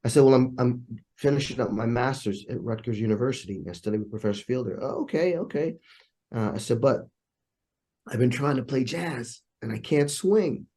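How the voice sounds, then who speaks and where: Male interview guest, animated storyteller, mid-pitched, voices the people in his anecdotes. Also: fairly quick, slightly rough.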